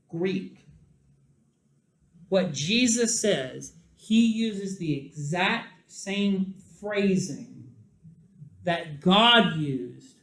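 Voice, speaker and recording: A man teaching a classroom Bible lesson, speaking deliberately and stretching key words for emphasis. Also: sits high, a bit bright, echoey room.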